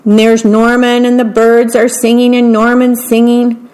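A woman's voice: a little high, monotone, darkish tone, poor audio. A woman reading children's picture books aloud, patiently describing each picture as she goes. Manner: slow, plain and patient, pointing out the pictures. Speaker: story reader.

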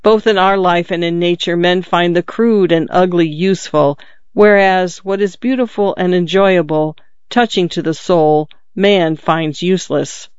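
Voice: mid-range voice, steady tone, unhurried, clear, resonant tone, dry recording, dull audio, lightly acted. A reader voicing a skeptical old father who grumbles and philosophizes with dry humor. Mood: philosophizing. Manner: wry, musing, dry humor.

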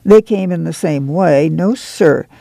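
A man reading the part of a friendly, lean camp manager who talks with easy, chatty warmth. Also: fairly high pitch, unhurried, gravelly, no room sound.

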